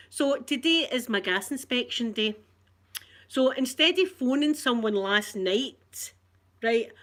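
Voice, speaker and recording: This middle-aged woman from Scotland, with a Glasgow accent and a mid-range, slightly bright voice, tells an indignant story to camera. She's a vlogger filming in her living room at home and laughs throughout.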